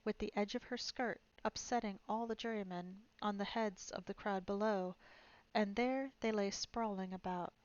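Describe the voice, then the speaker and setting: A woman's voice: mid-range voice, fairly even intonation, normal speed. A woman streamer reading a storybook aloud, narrating steadily and expressively. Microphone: streaming mic. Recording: dull lo-fi stream audio.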